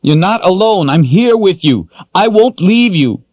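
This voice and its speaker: A man's voice: high-pitched, dry recording, lo-fi sound, pitched above the performer's own voice. A man playing a desperate young man pleading. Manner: urgent pleading shifting to calm, slow reassurance. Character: young man, desperate then calm and steadying.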